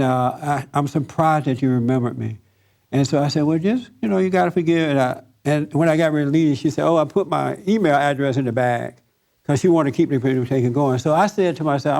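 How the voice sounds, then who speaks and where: A man giving a Sunday sermon as a relaxed, chatty storyteller. His voice sits a little high for a man, and he turns to his listeners and laughs at his own anecdotes as he goes. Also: creaky. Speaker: pastor leading a Sunday service.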